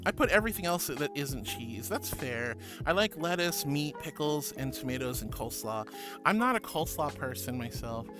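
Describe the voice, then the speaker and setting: A man with a high, light voice chats with his stream, greeting viewers one by one and calling them honey and sweetie. He is playful and bursts into silly noises. Soft music plays faintly behind him. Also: animated, normal speed. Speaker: VTuber streamer. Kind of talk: casual chat reading viewer messages.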